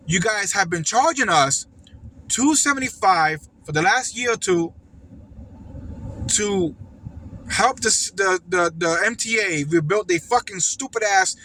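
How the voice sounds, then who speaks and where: Angry new driver guy ranting in his car, high bright voice, cussing nonstop, faint car noise behind. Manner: heated, cursing, exasperated. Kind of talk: angry vlog rant. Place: inside a car.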